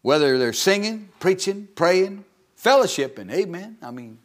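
A middle-aged man gives a sermon testimony from the pulpit of a church. His voice sits slightly high for a man, and he talks in a folksy, conversational way, often pausing to ask for an amen. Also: very animated. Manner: folksy, calls for amens. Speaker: preacher.

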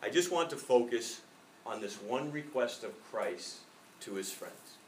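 A man's voice: medium pitch, lively intonation, measured pace, echoey room, distant mic, slight background noise, rough recording. A middle-aged male pastor giving a reflective sermon, telling a personal story.

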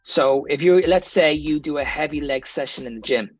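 A man's voice: on the high side, moderate pace, faint music behind. A man with an Irish accent, a fitness coach talking as a podcast guest, explaining training advice plainly from his own experience. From Ireland. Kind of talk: casual podcast chat.

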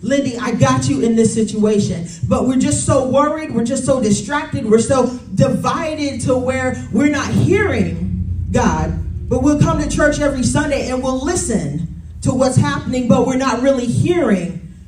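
A woman in her thirties preaches a conversational sermon in church, often calling out "y'all" and "Amen" to the congregation. Her high, expressive voice is unhurried and a little mellow, heard from a distance with roomy sound and slight background noise.

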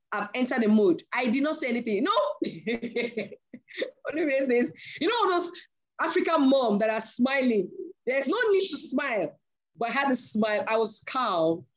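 A woman preaching a sermon, telling a story from her own marriage and acting out the voices in it. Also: medium pitch. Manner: animated storyteller acting out dialogue.

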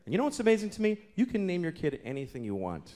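A man's voice: sits high, wildly swooping pitch, fast. A man in his thirties doing a stand-up routine, profane and exasperated, dropping into mock voices. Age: 30s. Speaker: stand-up comedian. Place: comedy club stage. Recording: live club recording with loud crowd and room noise. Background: audience laughter.

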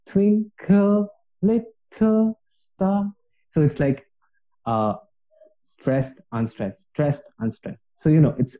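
A man's voice: mid-range voice, dark tone, dull audio. A man talking earnestly and passionately about reading poetry, rambling with many fillers in a casual podcast chat.

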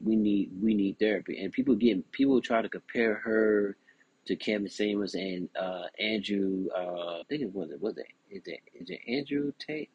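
Husky young man with a lowish voice. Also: no echo, muffled recording. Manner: animated, frequent "you know what I'm saying". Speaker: podcast host. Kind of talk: casual commentary monologue.

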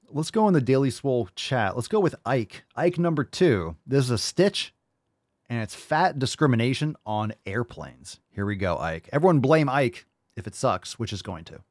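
A man's voice: mid-range voice, very animated, moderate pace, dry recording. Blunt, mocking male host, dry sound. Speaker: livestream show host. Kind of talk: casual reaction commentary.

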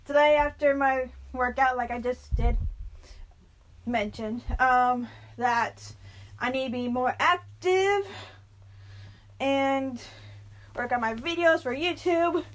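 A young woman talking casually in a vlog, rambling and self-mocking, fast from too much coffee. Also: sits high. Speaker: vlogger.

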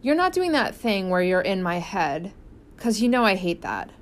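A woman voicing a worried, sharp-tongued sixth-grade boy in an audiobook, speaking impatiently. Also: medium pitch, very animated, moderate pace, slight background noise, close to an everyday voice.

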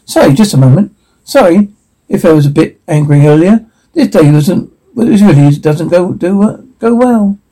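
An actor playing an obsessive, lonely young man who lives in a cellar, talking softly with a creepy devotion and rambling restarts. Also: high-pitched, animated, moderate pace, slightly rough, poor audio.

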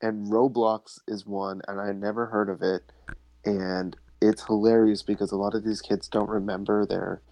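A man's voice: little pitch movement, normal speed, warm tone, no room sound, low-quality recording. A young man in casual podcast chat, telling funny stories about his after-school job and mimicking kids. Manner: storytelling, mimics kids in high voices. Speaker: podcast co-host.

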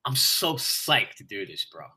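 Male actor, bright and forceful tone, profane energetic storyteller in casual chat. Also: lowish voice, measured pace, slightly rough. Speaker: stage actor, guest.

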